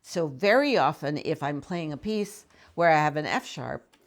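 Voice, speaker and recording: This violin professor has a deep voice with lively intonation and a moderate pace. She discusses intonation conversationally and thoughtfully, asking the listener questions between short demonstrations, and her phrases are separated by violin playing.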